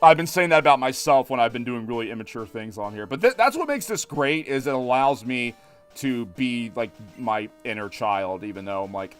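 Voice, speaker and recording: A man's voice: mid-range voice, lively intonation, moderate pace, clear, resonant tone, faint music behind. A man in his thirties streaming a game, chatting in a loose, rambling way full of restarts. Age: 30s. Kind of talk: casual let's-play chat.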